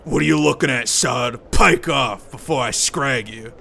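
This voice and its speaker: A man's voice: mid-range voice, unhurried, gravelly, sharp tone, a little hiss or hum. A man doing a blustering street thug. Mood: threatening. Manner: threatening, blustering. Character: gruff, hotheaded male street thug.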